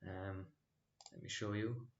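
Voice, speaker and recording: In a slow, fairly even, low-leaning voice, a stock trading channel host talks casually through his trades over a screen share, rambling, hesitating, restarting and using lots of fillers. The room is echoey, the recording muffled, with slight background noise.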